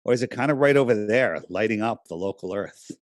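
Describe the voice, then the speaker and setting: A man's voice: fairly low pitch, animated, brisk, no echo, studio quality. Emphatic man arguing his case. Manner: emphatic, persuasive, argues with rhetorical questions. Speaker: podcast guest. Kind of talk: casual interview talk.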